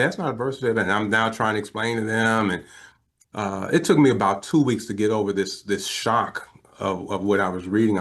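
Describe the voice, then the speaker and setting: A man in his fifties, a talk show guest, telling an emotional personal story in an animated, earnest way. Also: fairly low pitch. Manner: animated storyteller who acts out quoted voices. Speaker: interview guest.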